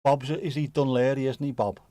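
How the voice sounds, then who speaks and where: A man's voice: medium pitch, steady tone, a little fast, mellow, no echo. A man hosting a casual livestream from home, chatting and musing aloud as he answers viewers. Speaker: livestream host.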